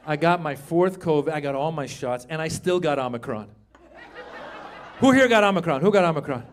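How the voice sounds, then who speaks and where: A man in his fifties doing stand-up comedy on a club stage, working the crowd with loud, animated delivery and shouted punchlines. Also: on the high side, fairly quick, slight background noise. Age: 50s.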